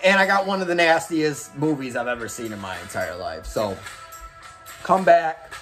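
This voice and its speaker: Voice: medium pitch, normal speed. The voice swings widely up and down as this host rants, cursing nearly every line and wandering off on tangents. It is a casual, unscripted daily movie-pick vlog with faint music underneath. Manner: animated, swears constantly, rambling tangents. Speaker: horror movie recommender, show host. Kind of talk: casual profane rant.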